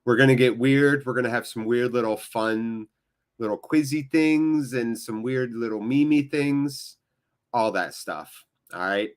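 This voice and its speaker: Speaking a little slowly in a mid-range voice, an American host rambles casually to his viewers during a live football watchalong. He comes across as emotionally drained.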